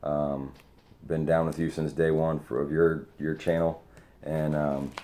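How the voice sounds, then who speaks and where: A man opening sports card mail on camera, chatting excitedly to the friend who sent it. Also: extremely low pitch, measured pace, a little hiss or hum. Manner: excited, talks to the sender directly. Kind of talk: casual unboxing vlog.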